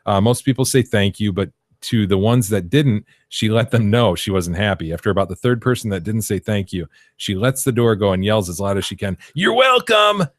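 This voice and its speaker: A man in his thirties, a podcast host, reading listener emails aloud in a wry, deadpan way and swearing now and then. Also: on the low side, a little fast, hardly any pauses, no room sound, clean studio sound. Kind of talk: casual chat.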